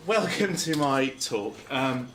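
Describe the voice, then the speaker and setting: A man from Lancashire giving an informal talk to a club, halting and full of fillers and restarts. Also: mid-range voice, animated, background noise. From Lancashire, England. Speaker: guest speaker.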